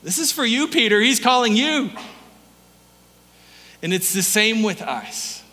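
A man preaching a sermon as pastor, telling a story in an animated way, acting out voices and laughing often. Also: high-pitched, unhurried, big-room sound.

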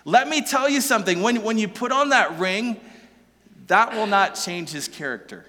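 A man preaching a sermon, animated and joking, asking the listeners question after question. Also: high-pitched, moderate pace, big-room sound, a little hiss or hum. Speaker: pastor.

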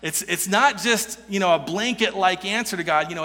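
Man, pastor, sermon, bright tense voice, earnest and conversational, long hall reverb. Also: expressive, moderate pace, hardly any pauses. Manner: earnest, swings between loud emphasis and soft low passages; conversational, with many restarts and "you know".

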